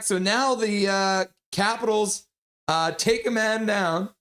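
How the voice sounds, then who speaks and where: A man streaming live play-by-play commentary, joking with viewers between calls and getting loud and excited on big plays. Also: high voice, slow pace. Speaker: streamer calling the game live.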